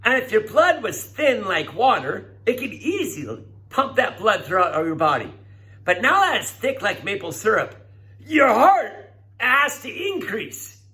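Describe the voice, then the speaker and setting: A middle-aged man giving a classroom lecture, coaxing and animated, acting out voices as he explains. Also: sits high, measured pace. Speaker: teacher.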